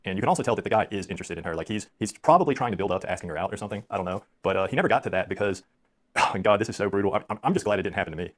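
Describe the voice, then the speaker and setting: Speaking very fast in a fairly low, expressive voice, this thirty-something man streams loose anecdotes that poke fun at himself. The tone stays relaxed and chatty throughout.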